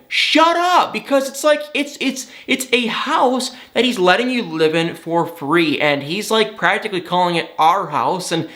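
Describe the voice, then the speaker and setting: A man's voice: high-pitched, a bit bright. A young man recapping reality TV in an exasperated, sarcastic rant, acting out what people said in mock voices. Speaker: celebrity gossip vlogger.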